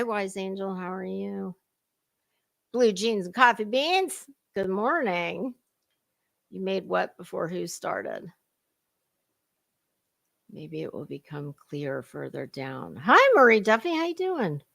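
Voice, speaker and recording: Chatty woman with a gravelly voice. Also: mid-range voice, fairly bright tone. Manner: chatty, rambling, greets viewers by name. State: dry cough. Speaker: livestream host. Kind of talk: casual chat.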